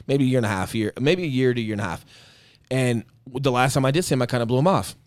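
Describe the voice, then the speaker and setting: Profane, animated man telling a story. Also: mid-range voice, fast, clean tone, no room sound. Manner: profane, animated, acts out quotes. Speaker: Marine veteran and podcast guest. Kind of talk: casual storytelling chat.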